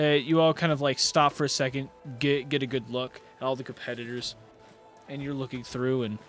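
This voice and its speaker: A man's voice: a little high, fairly bright tone. Rambling male game master narrating. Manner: rambling narration, many fillers and restarts.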